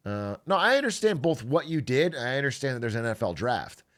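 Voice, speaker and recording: A man's voice: mid-range voice, very animated, quick pace, a bit bright. A young man chatting casually on his stream, sarcastic and laughing often.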